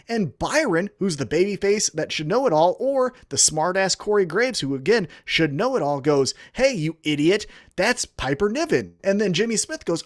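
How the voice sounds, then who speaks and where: A man's voice: high voice, sing-song, moderate pace, no room sound, studio quality. A man co-hosting a podcast, ranting heatedly and profanely about a storyline. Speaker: podcast co-host. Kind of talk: profane wrestling podcast rant.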